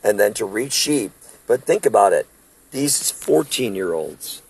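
Gravelly older man, street preacher. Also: lowish voice, big pitch swings, a little slow, a little mellow, no room sound, rough recording. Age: 60s. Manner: emphatic, storytelling. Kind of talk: casual talk recounting preaching.

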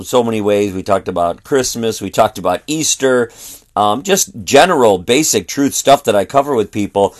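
A middle-aged man, a traveling street preacher, telling a story and quoting both sides of a conversation. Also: mid-range voice.

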